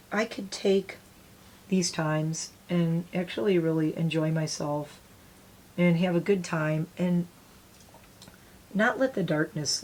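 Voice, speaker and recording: Chatty woman doing makeup, lowish voice. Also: a little mellow. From United States. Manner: chatty, rambling, self-deprecating. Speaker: beauty vlogger. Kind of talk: casual get-ready-with-me chat.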